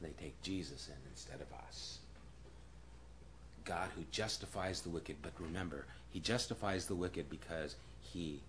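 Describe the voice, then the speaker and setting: A man preaching a sermon as pastor, emphatic and repeating key phrases, often dropping to a hushed, near-whispered voice. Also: low voice, a little slow, slight background noise.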